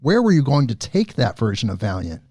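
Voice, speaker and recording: A male podcast host asks long, well-informed questions and adds his own commentary. His voice is mellow and middle-pitched. The recording is dry and close, with no room sound. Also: huge pitch swings, a little fast, no room sound. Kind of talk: interview.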